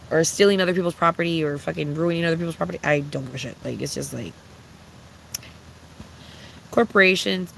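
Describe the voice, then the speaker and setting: A young streamer talking off the cuff to their chat, with a gravelly edge of vocal fry running through the voice. They speak bluntly, swear freely, and rant with lively swings, while a faint hiss of noise sits underneath. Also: medium pitch, a little fast, low-quality recording. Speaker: livestreamer chatting with viewers. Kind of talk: casual unscripted stream chat.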